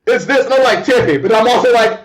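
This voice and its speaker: A man's voice: very high-pitched, fast, crowd noise. A young man guesting on a casual chat, telling stories with laughter, stammers and voices for the people in them. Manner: lively storyteller, laughs, stammers, does voices.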